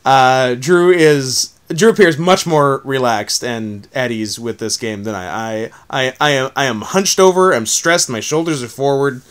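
A man's voice: mid-range voice, a little slow, few pauses, fairly bright tone, clean tone. A young man co-hosting a casual chat podcast who laughs often and swears casually. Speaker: podcast co-host.

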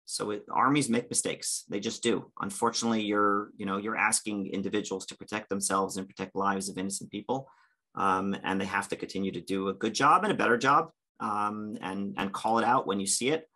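A man's voice: fairly low pitch, fairly even intonation, fairly quick, bright, forceful tone. A man speaking on a discussion panel, earnest and impassioned, with frequent hesitations and fillers. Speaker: panelist, campus religious director.

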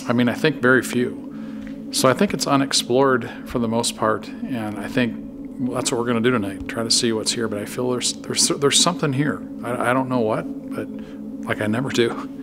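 A man investigating a dark abandoned mill, talking casually and hesitantly, often repeating himself. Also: medium pitch, moderate pace, background noise. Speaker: paranormal investigator.

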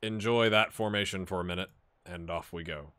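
A man's voice: low voice, a little fast, pushed and bright, clean tone. A man hosting a casual let's-play video, chatting and rambling to his viewers as he plays. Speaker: gaming channel host.

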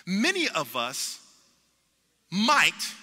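A man preaching in a church sanctuary, his voice high and bright with a hard edge. He builds with passion, repeats his words and voices the people in his story. The sound carries a long reverb from the hall. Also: wildly swooping pitch, extremely slow. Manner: impassioned preaching with repetitions and acted-out quotes. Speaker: pastor. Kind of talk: sermon.

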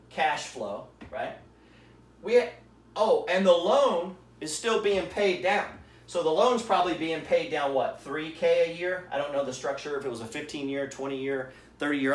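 A man's voice: a little high, far from the mic. A man, a real estate investor, slightly out of breath, bluntly explaining money math in an informal way and rounding numbers as he goes. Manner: blunt, works through rough math aloud, rounding as he goes. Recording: echoey room, away from the mic.

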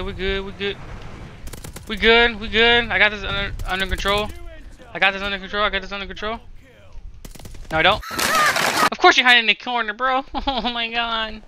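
A young man giving casual gameplay commentary, swearing and yelling at other players, then joking about himself. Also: high voice, slight background noise. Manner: loud outbursts, swearing, self-mocking jokes. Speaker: gaming streamer.

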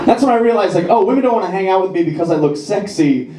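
A man's voice: on the high side, expressive, dark tone. A man performing a wry, self-deprecating stand-up set on a comedy club stage. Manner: wry, self-deprecating, does quick voices for jokes. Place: comedy club stage before a live audience. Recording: echoey club with crowd laughter.

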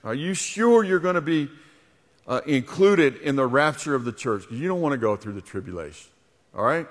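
A man's voice: mid-range voice, lively intonation, normal speed. A middle-aged man preaching a sermon as pastor, telling a story and then leading the congregation in prayer. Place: church sanctuary. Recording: long church hall reverb.

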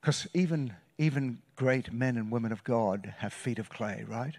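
A man preaching a sermon as a guest pastor, telling a story with loud bursts and hushed, quiet passages. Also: mid-range voice, normal speed. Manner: animated, shifts between loud bursts and hushed retelling. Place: church sanctuary.

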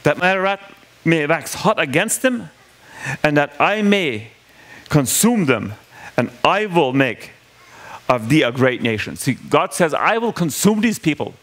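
A man with a somewhat high voice preaches a sermon to a congregation. He talks in a conversational way, asks his listeners questions, and acts out the lines he quotes. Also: big pitch swings, a little slow, a bit bright.

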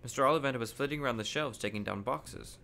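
Reading a children's novel aloud for his podcast, a man sits in his living room and narrates steadily and without hurry, with small stumbles. His medium-pitched voice has a creaky quality, and faint background noise is present.

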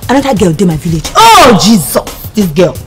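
A loud gossiping young wife, Nigerian accent. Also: female voice, mid-range voice, wildly swooping pitch, brisk. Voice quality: mixes Nigerian Pidgin, exclaims often. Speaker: actress in a film. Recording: film audio with music beneath.

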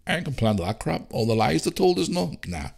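A man voicing his older mother, imitating her in a higher, shrill voice. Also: very animated, a little fast, creaky, darkish tone, exaggerated voice. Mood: defiant. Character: fretful older mother, later defiant.

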